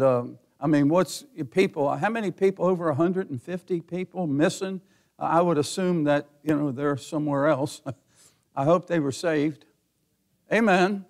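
A middle-aged male pastor with a notably high, gravelly voice preaching in a folksy, conversational way. He chuckles between points and climbs toward fervent near-shouting when he drives a message home. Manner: folksy, laughs often, builds to near-shouting. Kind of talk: sermon.

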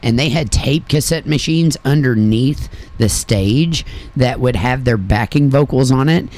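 A man's voice: mid-range voice, a little slow, a little mellow. A man from Kentucky with a slight country accent, hosting a radio interview in a blunt, chatty way and laughing often. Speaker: radio interview host and musician. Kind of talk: casual interview chat.

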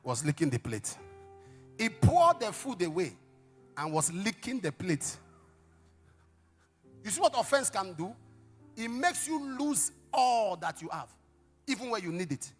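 A middle-aged male pastor preaching a sermon, telling stories dramatically with sudden shouts and hushed asides. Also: high-pitched, big pitch swings, unhurried, long pauses, faint music behind. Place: church service.

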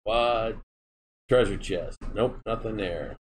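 A man's voice: fairly low pitch, slow pace. A man with a Michigan accent giving running commentary while he scratches lottery tickets on a casual stream. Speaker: lottery scratch-off channel host. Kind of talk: casual live scratch-off chat. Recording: light background noise.

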